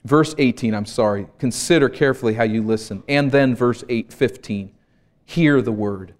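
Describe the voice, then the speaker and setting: Man preaching with earnest, swelling emphasis. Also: normal speed. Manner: earnest preaching, rising to emphatic peaks and dropping to hushed low points. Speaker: pastor. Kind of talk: sermon.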